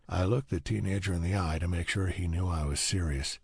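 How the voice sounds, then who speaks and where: A man's voice: deep voice, brisk, vocal fry, hardly any pauses, breathy edge, dry recording. A man narrating a first-person audiobook in a dry, wry storytelling manner.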